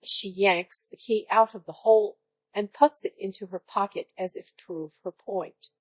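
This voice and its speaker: A synthetic woman's voice reading a story aloud in a flat, even way, as narrator. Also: mid-range voice, normal speed, dry recording, rough recording.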